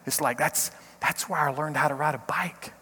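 A middle-aged man, a pastor, giving a short devotional talk in an earnest, halting way, often repeating words. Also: fairly high pitch, steady tone, bright, forceful tone, slightly rough, long reverb tail.

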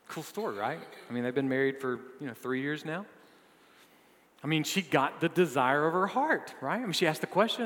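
A male preacher delivers a sermon in a mid-pitched voice, dropping to quiet, low asides and then building to loud, climbing emphasis. The sound carries a long hall reverb. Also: lively intonation, a little fast. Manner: reads a woman's written story aloud.

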